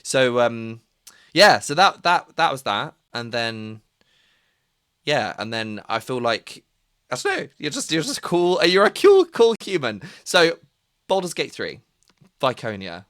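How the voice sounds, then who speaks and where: Man, stream host, casual chat, bright forceful voice, very lively pitch. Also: a little slow, dry recording, clean studio sound. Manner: giggly, animated.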